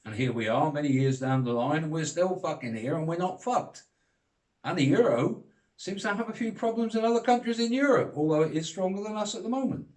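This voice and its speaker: A man's voice: fairly high pitch, animated, brisk, darkish tone, reverberant. An older British man delivering a blunt, sweary, heated rant straight to camera. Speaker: vlogger. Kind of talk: ranting monologue.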